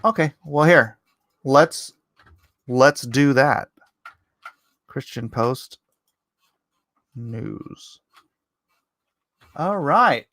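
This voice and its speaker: Reading out viewer comments on his laid-back livestream, a man rambles in reply and pokes fun at himself. He speaks in a mid-range, fairly bright voice, extremely slowly and with long pauses, in clean studio audio free of room sound.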